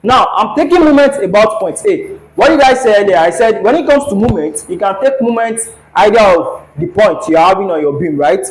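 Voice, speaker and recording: A man's voice: high voice, lively intonation, brisk, hardly any pauses, poor audio. A man teaching a classroom engineering lecture at a board, who keeps repeating his questions so the students will answer.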